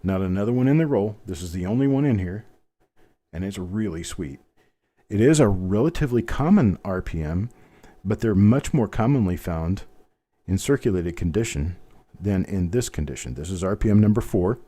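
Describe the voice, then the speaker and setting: With a low, mellow voice, lively intonation and a moderate pace, a man in his fifties hosts a coin-hobby livestream. Hailing from the American Midwest and carrying a general Midwestern accent, he chats through an unboxing with plenty of folksy digressions.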